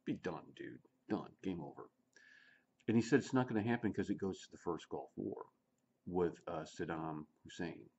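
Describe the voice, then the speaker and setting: A middle-aged man from the United States giving a rambling, animated opinion monologue, repeating words and acting out quotes. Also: deep voice, normal speed, gravelly, slightly rough, highs cut off. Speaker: vlogger.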